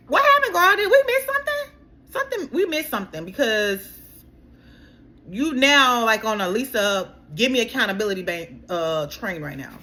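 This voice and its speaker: Woman ranting about a reality show episode, animated and exasperated, sharp bright tone. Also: on the high side. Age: adult. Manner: animated, exasperated, talks straight to the cast, keeps saying girl. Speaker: reality TV recap vlogger. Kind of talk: casual reality show recap.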